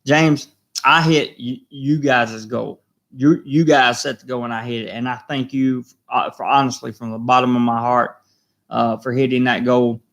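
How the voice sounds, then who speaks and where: A man hosting a live stream, reading viewer comments aloud, emotional and halting, repeating himself and choked up. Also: medium pitch, steady tone, fairly bright tone.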